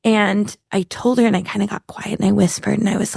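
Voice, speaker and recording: A woman speaks into a close podcast mic, recounting her past with candid earnestness. Her voice carries a light gravelly edge, and the sound is dry and close. She stops and restarts often as she searches for the right words. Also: mid-range voice, steady tone, darkish tone, no echo. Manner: earnest, halting, many restarts and fillers. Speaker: podcast guest. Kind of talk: candid personal storytelling.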